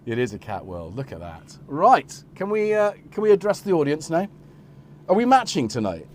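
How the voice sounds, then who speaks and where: A man's voice: on the high side, huge pitch swings, normal speed, a little hiss or hum. A middle-aged man hosting a casual live stream, rambling and joking while he talks to his cats.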